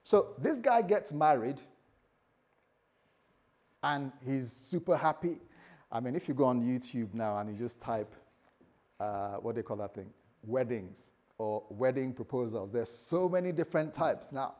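A man's voice: mid-range voice, expressive, measured pace, darkish tone. A man preaching a sermon as a pastor, conversational and jokey, often laughing at himself.

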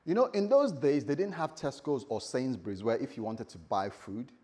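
A man preaching a lively sermon, acting out voices and laughing as he tells the story. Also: medium pitch, moderate pace. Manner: animated storytelling, acts out voices, laughs often. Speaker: pastor.

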